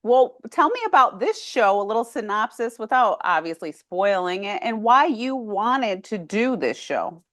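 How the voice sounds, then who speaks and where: A woman interviewer from Michigan's Lower Peninsula. She asks friendly, curious questions and laughs easily. Her voice sits at an ordinary middle pitch. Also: very animated, measured pace, hardly any pauses, a bit bright. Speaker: interviewer, host.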